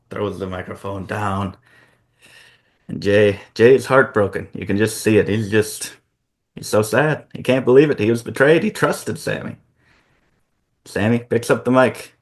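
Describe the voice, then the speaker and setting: A man hosting a casual fantasy-booking chat, telling the story in an animated way with frequent laughs. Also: lowish voice, unhurried. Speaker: host.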